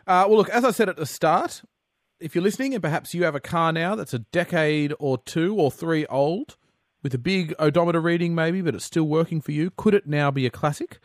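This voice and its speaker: A man's voice: a little high, no echo, clean studio sound. A man hosting a talkback radio show, upbeat and speaking straight to his listeners. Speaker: radio host. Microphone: studio microphone.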